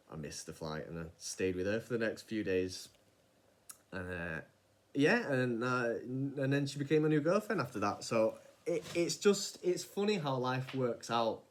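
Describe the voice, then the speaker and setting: A man, casually telling a personal story in a rambling, animated way, with frequent restarts and some swearing. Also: on the low side. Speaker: vlogger.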